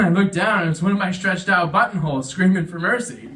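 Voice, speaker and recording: A young man delivering self-deprecating stand-up in a veterans' hall, his pitch swooping up and down as he acts out little scenes. His voice is bright and fairly high, and he chuckles at his own jokes. It's picked up from some distance, with a faint hiss of room noise behind him. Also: animated, fast. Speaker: stand-up comedian. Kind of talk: stand-up comedy set.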